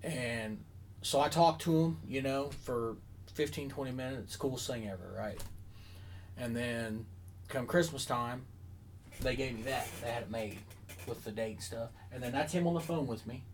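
A man's voice: medium pitch, normal speed, a little hiss or hum, low-quality recording. A man chatting casually on a podcast, telling a long story with lots of fillers and asides. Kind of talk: casual chat.

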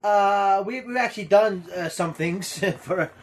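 A man's voice: high-pitched, unhurried. A man co-hosting a podcast in casual chat, rambling, swearing and laughing often. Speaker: podcast co-host.

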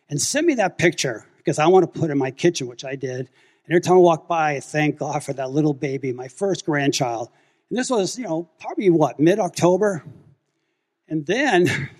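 Man telling a story in a reverberant hall. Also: on the high side. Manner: animated storyteller acting out dialogue. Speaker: church member sharing a testimony. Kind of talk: testimony story told to a congregation.

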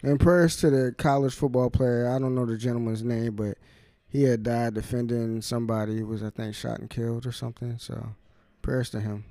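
A man's voice: mid-range voice, little pitch movement, fairly quick, mellow, no room sound. A young man co-hosting a podcast, speaking casually in a blunt, wry and slangy way. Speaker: podcast co-host. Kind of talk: casual chat.

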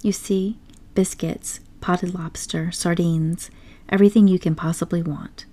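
A woman voicing a boastful, excitable male toad in an audiobook story, talking grandly and pushily. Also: lowish voice, unhurried. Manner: grandly enthusiastic, pushy.

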